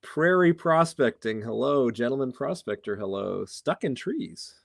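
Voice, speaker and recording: A man's voice: mid-range voice, expressive, measured pace, creaky, dry recording, clean studio sound. A man from New Hampshire with a New England accent, co-hosting a livestream, joking with his partner and reading out viewer names. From New Hampshire, USA. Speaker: co-host of a coin livestream. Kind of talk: casual livestream chat.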